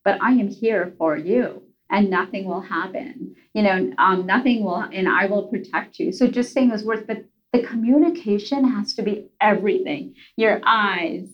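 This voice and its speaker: A woman's voice: mid-range voice, a little slow, lo-fi sound. A woman guest telling a story earnestly in a casual interview, with many fillers and restarts. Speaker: guest on a podcast.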